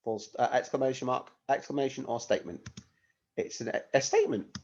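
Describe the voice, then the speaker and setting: Brisk and darkish in tone, a mid-range male voice belongs to a primary school teacher recording a lesson for young children. He patiently gives clear instructions and throws in rhetorical questions, though the lo-fi recording sounds dull.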